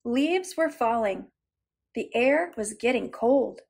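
A woman's voice: on the high side, lively intonation, slow pace, gravelly, darkish tone, breathy edge. A woman leading a preschool circle time lesson and reading a picture book aloud, encouraging and sounding out letters. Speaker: preschool teacher.

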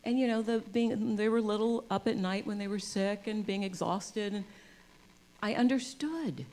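A woman speaking as a guest at a church service, giving an inspirational talk on love and spirituality with self-deprecating humor. She swings from soft and intimate to loud and emphatic and acts out the voices of people in her stories. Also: medium pitch, moderate pace. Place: in front of a live congregation.

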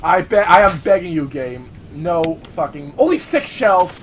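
A man giving profane, jumpy let's-play commentary, yelling at the game as he plays. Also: a little high, sing-song, a little slow, heavy background noise. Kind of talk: gameplay commentary.

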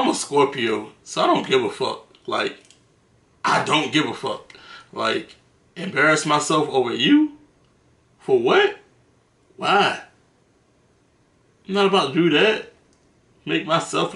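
A man's voice: medium pitch, vocal fry, sharp tone. A man telling stories to the camera in a casual, slangy, profane way, laughing between them. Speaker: vlogger. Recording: roomy echo.

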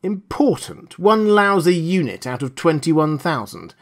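A man voicing a gruff, irritable male boss who grumbles and snaps orders, read aloud in an audiobook. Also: on the high side, big pitch swings, unhurried, voice pushed up. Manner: grumbling, sharp.

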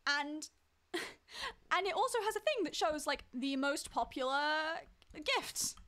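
Speaking slowly with lively intonation, a woman whose voice sits high and sounds a bit bright streams a game live. She casually chats with viewers and teases them during play.

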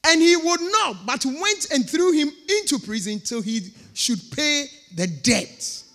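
A woman's voice: high voice, expressive, a little slow, fairly bright tone. A woman pastor preaching a sermon with emphatic, repeated phrases. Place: church. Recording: long reverb of a church hall.

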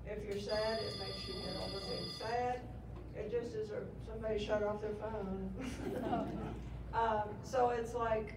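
A woman's voice: mid-range voice, steady tone, a little slow, natural voice. A woman playing Mary Poppins as a jokey magical nanny turned caretaker, chatty and self-mocking at a live event. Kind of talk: comic live character performance. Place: public square event. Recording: echoey, distant mic with ambient noise.

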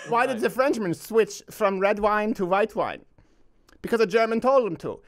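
A man's voice: sits high, normal speed. A man hosting a comedic podcast, joking and laughing through the banter. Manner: animated, laughing, jokey delivery. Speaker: host.

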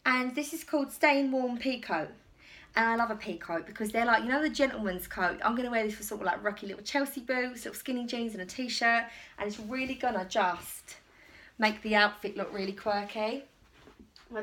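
Bright, chatty woman, a vlogger rambling happily through a try-on haul. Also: fairly high pitch. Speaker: fashion vlogger. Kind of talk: casual try-on haul chat.

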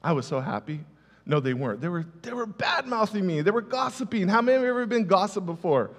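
Male pastor, high voice, storytelling sermon delivery, emphatic repeats, long hall reverb. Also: lively intonation, quick pace. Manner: emphatic, repeats key words for effect; conversational, tells personal stories.

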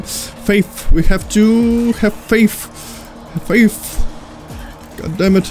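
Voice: mid-range voice, slow, darkish tone, soft background music. A gamer giving live commentary on a horror game, panicking, repeating words again and again, and pleading with and scolding the monsters.

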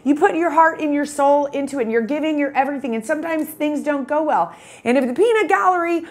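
A woman in her fifties gives an energetic motivational talk as a photography business coach. She tells stories in a chatty way, and her voice sits slightly high. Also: quick pace.

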